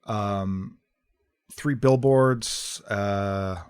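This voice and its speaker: A man co-hosting a podcast, discussing a film in a measured, wry way with frequent fillers. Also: lowish voice, darkish tone, clean tone. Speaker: podcast co-host. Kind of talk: casual film review chat.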